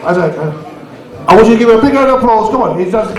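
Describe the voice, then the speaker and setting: In a community venue hall, a high-voiced, expressive man performs live stand-up as compere, bantering with the audience and throwing out quick asides. Background noise runs under the recording, which has an echoey sound, a distant mic, and audible crowd.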